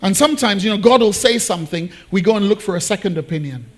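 A man preaching a sermon, switching into playful voices to act out Bible figures. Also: sits high. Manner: animated, acts out biblical figures in quick asides. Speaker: pastor.

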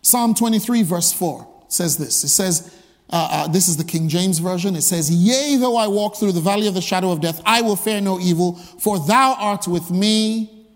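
A man's voice: high-pitched, moderate pace, long reverb tail. A male pastor preaching a sermon, emphatic and full of rhetorical repeated questions.

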